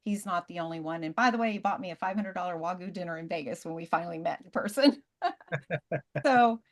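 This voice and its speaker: Animated woman telling stories on a video call. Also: fairly low pitch. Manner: lively, casual, tells stories in quick bursts. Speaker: presenter.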